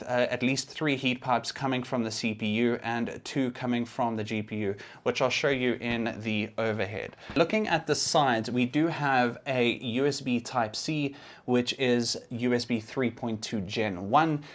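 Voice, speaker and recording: A man's voice: medium pitch, measured pace. A young man giving a casual, explanatory tech review, occasionally restarting his sentences.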